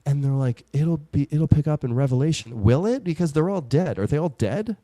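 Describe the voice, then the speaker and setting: A man co-hosting a comic book podcast, sarcastic and quick to mimic the characters he talks about. His voice is mellow and warm, and his pitch rises and falls a lot. The sound is dry and close. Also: animated, no echo. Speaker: podcast co-host. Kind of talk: casual comic book chat.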